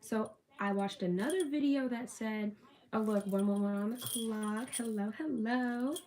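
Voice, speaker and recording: A woman's voice: on the high side, measured pace, darkish tone, a little hiss or hum. A young woman casually chatting to her viewers while doing a tarot reading, upbeat and talkative. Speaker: tarot reader.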